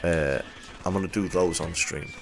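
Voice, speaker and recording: A man's voice: sits low, steady tone, normal speed, creaky, noisy background. A man with a Yorkshire accent giving rambling, casual commentary while streaming a game, swearing freely and chatting to viewers. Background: game music.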